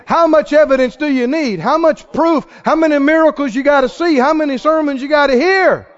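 A man preaching a sermon who swings between quiet asides and shouted exclamations, asking the congregation question after question. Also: very high voice, a little fast. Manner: fires rhetorical questions at the congregation. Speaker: pastor. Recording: dull lo-fi recording.

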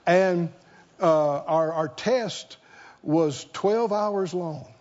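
A man's voice: a little high, extremely slow, a little mellow, dull audio. A man preaching a sermon, emphatic and fond of rhetorical questions.

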